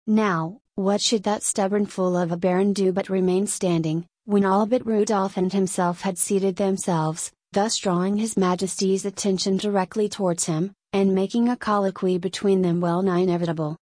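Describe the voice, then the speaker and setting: A woman's voice: medium pitch, steady tone, moderate pace, few pauses, a little mellow, no echo. Woman narrating an audiobook, dry sound.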